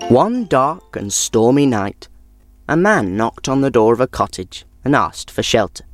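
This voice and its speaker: A man reading a folk tale aloud in a measured, expressive storytelling manner. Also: medium pitch, soft background music.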